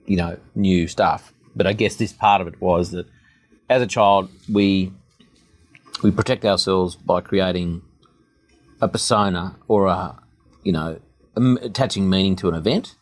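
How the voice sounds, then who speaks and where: A man's voice: low-pitched, dry recording. Thoughtful man hosting a chat. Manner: thoughtful, searching for words, many restarts. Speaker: podcast host. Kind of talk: casual interview conversation.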